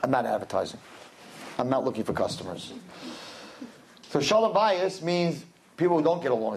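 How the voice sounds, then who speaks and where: A man's voice: mid-range voice, slight background noise. A man speaking as a rabbi, giving a humorous sermon and acting out the people in his stories. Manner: animated storyteller, acts out voices in quotes.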